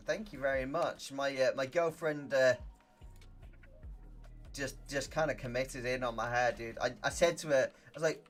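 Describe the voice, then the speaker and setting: A man's voice: medium pitch, moderate pace, soft background music. A young man chatting casually on a game stream, laughing often and swearing freely. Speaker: live-streaming gamer.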